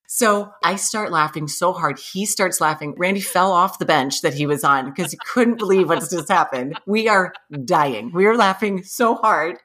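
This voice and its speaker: A woman in her thirties telling a funny personal story in casual chat, animated and self-mocking, laughing often. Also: on the low side, normal speed.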